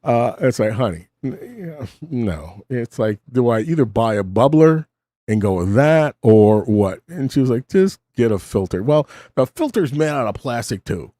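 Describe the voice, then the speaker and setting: A man's voice: medium pitch, animated, normal speed, mellow, no room sound, studio quality. A middle-aged man hosting a casual late-night monologue at his desk, rambling and self-mocking. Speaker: host. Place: home desk.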